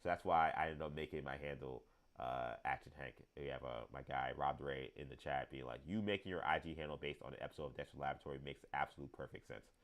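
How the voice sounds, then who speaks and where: A man's voice: a bass voice, steady tone, fast talker, fairly bright tone. A man in his thirties hosting a live show, talking casually, rambling with many fillers and restarts while reading the chat. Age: 30s. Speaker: show host.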